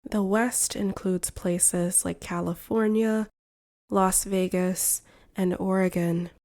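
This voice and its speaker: A woman from the United States, an English teacher reading a shadowing lesson in slow, carefully separated phrases. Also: medium pitch, steady tone, darkish tone. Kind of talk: slow shadowing practice narration.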